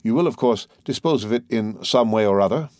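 A man playing a formal, patient notary who asks measured, careful questions. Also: on the low side, lively intonation, darkish tone, no room sound, clean studio sound, close to an everyday voice. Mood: probing.

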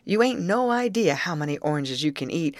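Woman voicing a folksy man driving a carriage, drawl, lively, higher than her own voice, dry read. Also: a little fast, no echo. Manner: folksy, plain-spoken drawl. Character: drawling Southern male orange-grove driver.

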